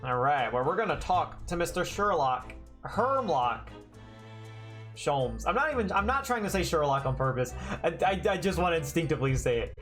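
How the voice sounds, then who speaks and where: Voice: mid-range voice, big pitch swings, moderate pace, a bit bright. Streamer chatting over game music. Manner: self-deprecating, giggly asides. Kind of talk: live game playthrough commentary.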